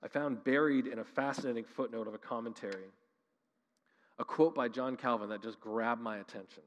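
A man's voice: medium pitch, brisk, highs cut off. Earnest male pastor preaching in a reverberant hall. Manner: earnest, conversational preaching with emphatic rises. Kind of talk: sermon.

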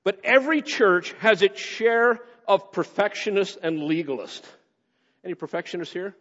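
A male pastor preaching a sermon, swinging between raised emphasis and quick, low asides. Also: fairly bright tone. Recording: dull sound with long hall reverb.

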